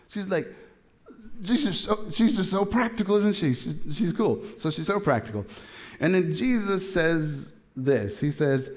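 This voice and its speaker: A middle-aged man preaching a sermon in a casual, chatty way, acting out both sides of a dialogue with lively shifts in voice. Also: on the high side, measured pace. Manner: casual, chatty, with many fillers and asides. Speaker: pastor.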